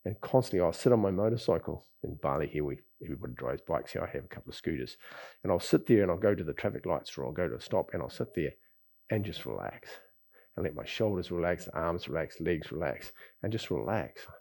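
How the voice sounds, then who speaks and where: Husky low-voiced male qigong teacher. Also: very animated, quick pace. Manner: easygoing, rambling, lots of sighs and soft chuckles. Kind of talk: relaxed spoken class talk. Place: lives in Bali.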